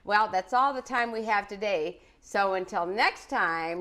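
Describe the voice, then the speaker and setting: A woman's voice: mid-range voice, measured pace, background noise. A middle-aged woman hosting a live home cooking program, chatting cheerfully with children and viewers. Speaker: cooking show host. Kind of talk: live casual cooking chat with kids. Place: living room at home.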